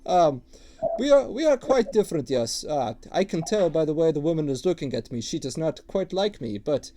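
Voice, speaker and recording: A gruff sea dwarf tattooist, covered in ink, hawking his wares with eager, tripping-over-itself patter, as a man puts him on. The voice sits well above the man's own register and comes out loud and pushy. It has a mellow, soft tone, like a tabletop game voice. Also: on the high side, sing-song, moderate pace, a little hiss or hum, pitched above the performer's own voice. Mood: eager pitch. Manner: stammering, eager salesman patter.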